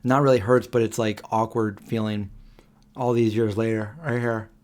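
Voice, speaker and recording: A man's voice: lowish voice, level tone, moderate pace, darkish tone. A man in his forties hosting a live Q&A stream, telling a story in a rambling way with many fillers and restarts. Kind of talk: casual storytelling.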